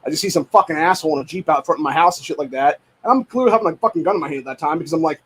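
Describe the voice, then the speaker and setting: Husky-voiced man ranting profanely. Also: on the high side, very fast, few pauses, fairly bright tone. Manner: profane, repetitive, exasperated ranting. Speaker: podcast host. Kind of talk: casual rant. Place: at home.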